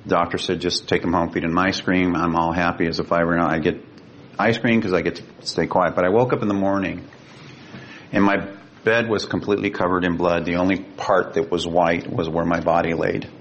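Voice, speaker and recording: A man with a gravelly voice, a guest telling a personal story in an earnest, vivid way. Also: flat delivery, brisk. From Sacramento, California. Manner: earnest, vivid, emotional retelling. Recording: dull lo-fi with faint rumble.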